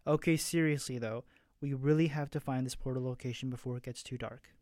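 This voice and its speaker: A man voicing a bold, teasing young alien woman who speaks in a hushed, wry voice. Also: mid-range voice, fairly even intonation, brisk, no echo, clean studio sound, natural voice.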